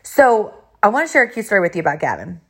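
A woman's voice: medium pitch, fast, slightly rough. Woman coach in her thirties, upbeat motivational storyteller, voice swinging widely up and down. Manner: energetic storytelling, often laughing. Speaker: life coach. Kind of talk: motivational talk to camera.

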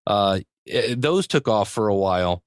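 A man's voice: on the low side, lively intonation, unhurried, smooth, no room sound, studio quality. A man talking as an interview guest, rambling and enthusiastic about his field. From United States. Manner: rambling and enthusiastic, many restarts and chuckles. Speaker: podcasting teacher, guest. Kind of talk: conversational interview.

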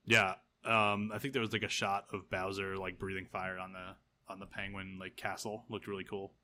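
A man's voice: deep voice, level tone, moderate pace, sharp tone, slight background noise. A man co-hosting a casual podcast chat, rambling with lots of fillers and laughing often. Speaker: podcast co-host.

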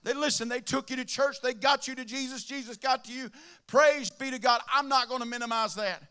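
A man preaching a sermon with speech, swinging between impassioned shouting and quiet, intimate asides. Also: extremely high pitch, fairly even intonation, fairly quick, smooth. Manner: impassioned, shouting at peaks, then dropping to a murmur.

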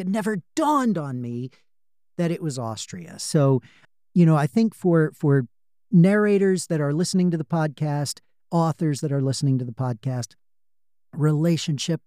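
A man's voice: a little high, warm tone, no echo, clean studio sound. A man hosting a podcast and working as an audiobook narrator, telling stories animatedly and repeating words for emphasis. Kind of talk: conversational interview.

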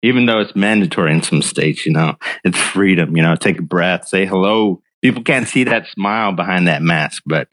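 A man's voice: low-pitched, normal speed, hardly any pauses, fairly bright tone, dry recording. A man guesting on a friend's podcast, earnest and upbeat, joking as he talks. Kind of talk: casual podcast chat.

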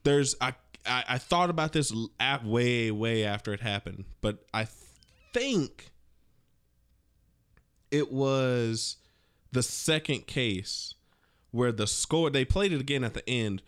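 Man, podcast co-host, medium pitch, laid-back, slangy, casual movie chat. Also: expressive, slow, long pauses, fairly bright tone, clean tone. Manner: laid-back, slangy, trails off mid-thought.

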